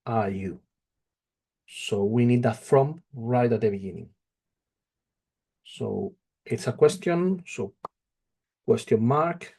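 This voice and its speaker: A man teaching a Spanish lesson, slow and patient, repeating each phrase. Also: medium pitch, darkish tone. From not from England. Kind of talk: slow spoken language lesson.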